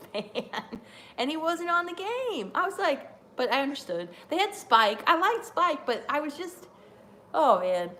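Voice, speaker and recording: A woman streamer chatting live during a wrestling watch-along, rambling and excitable with lots of fillers. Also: sits high. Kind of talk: live reaction chat.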